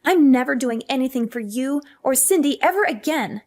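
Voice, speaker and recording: A woman's voice: high voice, lively intonation, normal speed, few pauses, a little mellow. A young woman narrating a scripted family drama as herself, defensive and exasperated. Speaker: story narrator playing herself.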